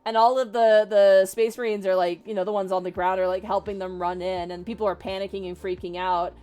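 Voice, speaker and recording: A young woman streamer casually retelling a story, animated and full of filler words and swearing. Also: medium pitch, a little fast, clean tone, soft background music.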